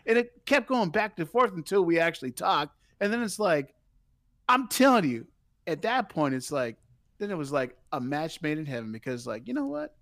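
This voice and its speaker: A man telling a story on a podcast in casual, profane chat, animated and laughing as he talks. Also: high voice, normal speed, no room sound. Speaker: podcast co-host.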